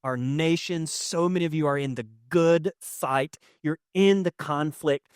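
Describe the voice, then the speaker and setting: A young man preaching a sermon as pastor, conversational and emotional, swinging from loud to hushed. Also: on the high side, unhurried, no echo, clean studio sound. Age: young adult. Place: church sanctuary with audience.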